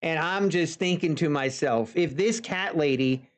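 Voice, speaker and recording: A man's voice: a little high, measured pace. A man telling a casual story to viewers of his live trading stream, chatty, with folksy asides. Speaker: futures trader streaming live. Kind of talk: casual anecdote on a livestream.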